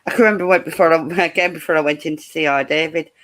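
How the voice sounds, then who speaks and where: A woman's voice: low voice, fairly even intonation, very fast, a bit bright. A middle-aged woman, chatting casually, blunt and laughing through her stories. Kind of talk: casual chat, storytelling.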